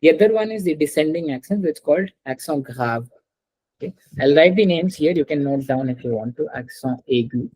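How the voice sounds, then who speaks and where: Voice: medium pitch, expressive, a little fast, a little mellow, breathy edge, poor audio. A teacher giving an online French class over a video call, patiently repeating words and calling on students.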